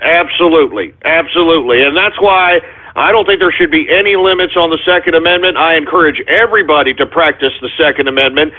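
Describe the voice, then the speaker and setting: A man's voice: fairly high pitch, fast talker. Winded, agitated radio host man. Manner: agitated, swearing, out of breath. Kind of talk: call-in radio talk. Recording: phone-like narrow audio.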